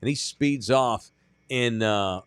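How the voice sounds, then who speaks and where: A man's voice: mid-range voice, slow, clean tone, no room sound. A man co-hosting a sports radio show, chatting casually and acting out the people in his stories. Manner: animated storyteller, acts out shouted quotes. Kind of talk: casual sports talk banter.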